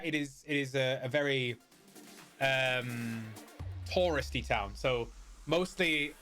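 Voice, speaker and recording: A man's voice: mid-range voice, a bit bright. A man giving casual, rambling gameplay commentary with many fillers and restarts. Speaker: gaming video host.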